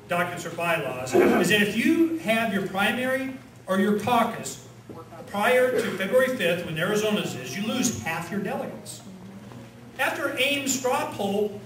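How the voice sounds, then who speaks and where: A man giving an animated rally speech at a conference, firing off rhetorical questions and leading chants. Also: high voice, noisy background. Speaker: conference speaker. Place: conference hall with audience. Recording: echoey hall, distant mic, crowd.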